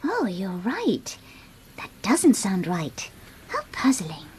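A woman's voice: medium pitch, huge pitch swings, slow pace, a little hiss or hum. A woman voicing a small, curious and eager starling bird in a children's audio story.

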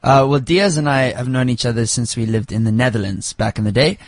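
A man's voice: mid-range voice, a little fast, no room sound. A man from South Africa, the frontman of a band, answering radio interview questions in an easygoing, teasing way with lots of fillers. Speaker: band frontman, singer and guitarist. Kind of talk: casual interview. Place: radio studio.

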